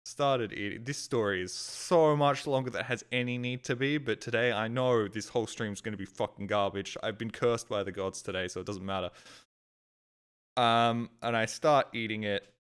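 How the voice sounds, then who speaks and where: A man's voice: fairly low pitch, moderate pace, fairly bright tone, clear, resonant tone. A young man streaming a game, telling a long rambling story with plenty of swearing. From Australia. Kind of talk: casual storytelling.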